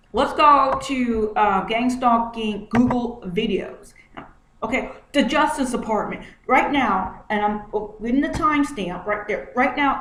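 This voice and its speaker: A woman with a slightly bright, highish voice vlogs from home at her computer, commenting on what's on her screen. She's agitated and repeats herself often, and the recording has a roomy echo and faint noise.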